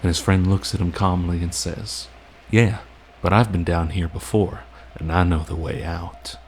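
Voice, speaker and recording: A man playing a steady young adventurer who calms a friend with a story. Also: sits low, moderate pace, slight background noise, lightly acted, low-quality recording. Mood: calming.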